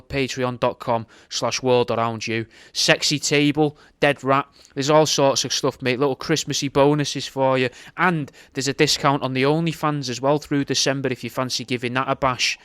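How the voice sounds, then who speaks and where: A man's voice: mid-range voice, a bit bright, clear, resonant tone, no echo, clean studio sound. A British man casually plugging his show as podcast host, laid-back and matey.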